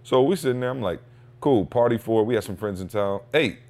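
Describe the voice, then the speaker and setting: A man hosting a podcast, telling a casual, slangy story with lively energy and acting out what people said. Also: on the low side, brisk. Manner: animated storyteller, slangy, acts out quotes. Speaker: podcast host; father.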